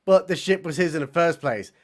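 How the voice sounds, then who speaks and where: A man's voice: fairly high pitch, a little fast. A man recapping a film in a sarcastic, mocking comedy style. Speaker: film reviewer.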